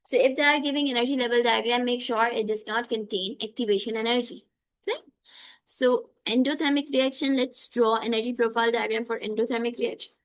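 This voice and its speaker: A woman's voice: fairly high pitch, steady tone, brisk. A woman teacher, leading a live online chemistry class and often checking in with "okay?" and her students' names.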